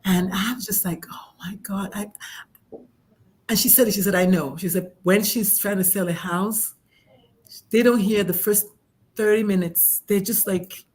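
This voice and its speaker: A woman hosts a casual interview, talking with excited energy and tumbling restarts. She acts out little quoted exchanges as she goes, at a middling pitch. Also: moderate pace. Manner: excitable, animated, lots of restarts and quoted voices. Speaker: host. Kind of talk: casual chat.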